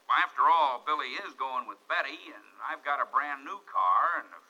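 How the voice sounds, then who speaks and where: A man's voice: medium pitch, normal speed, sharp tone. An actor playing a sheepish, self-serving neighbor man who hesitates and stammers in a 1950s radio comedy. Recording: dull old radio broadcast.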